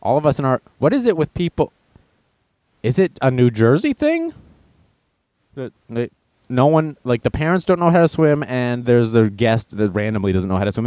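A man with a mid-range, sing-song voice hosts a casual news show at a moderate pace, sounding a little mellow with no echo. He reads headlines aloud, then riffs on them with sarcastic asides and mocking put-on voices.

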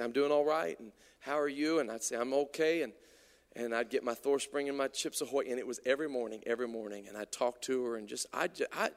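A man from Indiana preaching a sermon, stammering and repeating himself, moving between hushed storytelling and shouted exhortation. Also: medium pitch, creaky, in a large hall. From Indiana, USA. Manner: stammering restarts, repeated words.

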